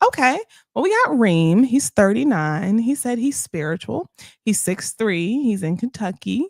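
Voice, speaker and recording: A woman's voice: on the high side, unhurried, vocal fry, no echo, studio quality. Laughing woman reading profiles aloud. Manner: laughs often, reads in a flat listing way. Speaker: podcast co-host.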